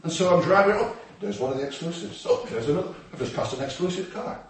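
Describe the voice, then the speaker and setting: Male preacher, chatty and joking, recorded from afar in a booming hall. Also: animated, fast. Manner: humorous, conversational, with asides and acted quotes. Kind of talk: sermon. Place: church hall. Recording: echoey hall, distant mic, faint noise.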